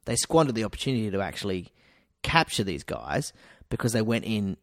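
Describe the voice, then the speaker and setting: A man's voice: on the low side, sing-song, a little fast, dry recording, studio quality. An Australian man chatting casually on a podcast, swearing freely and slipping into silly voices.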